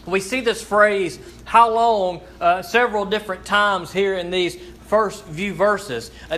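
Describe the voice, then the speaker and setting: A man preaching a sermon as a pastor, earnest and halting, often restarting his sentences. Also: sits high, fairly bright tone. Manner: slow, deliberate scripture reading. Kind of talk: sermon with prayer and scripture reading.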